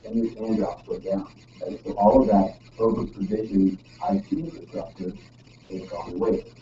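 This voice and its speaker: A man presents a technical talk to an audience in a loose, chatty way, full of fillers and tag questions. His voice is low and mellow, picked up from a distance. The recording is muffled and dull, with faint background noise. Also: fairly even intonation, moderate pace, echoey room. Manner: casual, full of ums and frequent "right?" tag questions. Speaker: presenter at a user group meeting. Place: meeting room.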